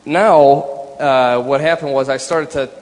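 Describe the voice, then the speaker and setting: A man telling a personal story in church, earnest and halting, often repeating his words. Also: medium pitch, steady tone, a little mellow. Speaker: speaker sharing a conversion story. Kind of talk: personal testimony. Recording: long hall reverb.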